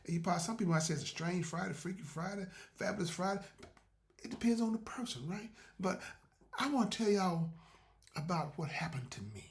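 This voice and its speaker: A man's voice: high-pitched, lively intonation, fairly quick. An older man telling a comic tall tale as a podcast host, preacherly and exclaiming. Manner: preacherly, exclaiming, slipping into character voices.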